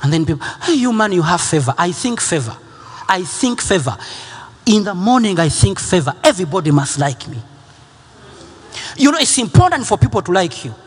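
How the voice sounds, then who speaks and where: A man preaching a sermon, emphatic and repetitive, rising at times to shouts. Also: high-pitched, big pitch swings, moderate pace, long pauses, breathy edge, in a large hall.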